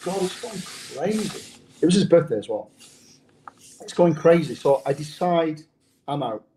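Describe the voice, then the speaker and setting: In a casual interview, a guest who used to work undercover describes that past bluntly and with plenty of swearing. His mid-range voice is dark and mellow, and he repeatedly doubles back on his words.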